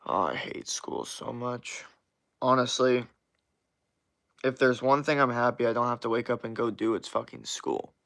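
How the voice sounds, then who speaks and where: Young male streamer, gravelly voice, profane rambling rant to chat. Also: mid-range voice, normal speed, fairly bright tone. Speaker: livestreamer. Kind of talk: casual live stream chat.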